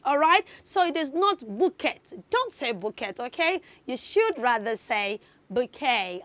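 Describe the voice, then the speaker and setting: A woman's voice: on the high side, expressive, unhurried, hardly any pauses, a bit bright. A woman hosting a children's TV lesson, upbeat and coaxing like a teacher. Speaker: children's TV host. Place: TV studio.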